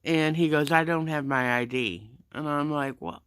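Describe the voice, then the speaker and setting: A man's voice: normal speed, few pauses, smooth, no echo, studio quality. A man telling a work story as a casual rant, acting out both sides of the dialogue. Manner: animated, acts out the dialogue with pitch jumps. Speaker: gym front desk attendant.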